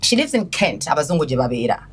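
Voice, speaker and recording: A woman's voice: low voice, very animated, quick pace, breathy edge. A young woman from Uganda, talking as an interview guest in a chatty way and switching between languages mid-sentence. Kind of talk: casual interview chat.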